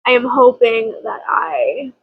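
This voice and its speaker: Young woman book vlogger, high-pitched, chatty and dramatic, frequent laughter. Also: fairly even intonation, slow pace, creaky, narrow, tinny audio, a little hiss or hum. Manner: chatty, dramatic, laughs often, swears casually. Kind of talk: casual chat.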